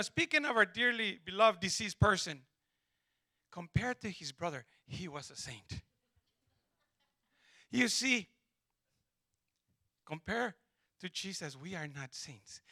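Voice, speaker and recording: A man preaching a sermon, telling stories and acting out the dialogue with lively emphasis. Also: high-pitched, no echo. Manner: animated storytelling, acts out dialogue. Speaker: pastor.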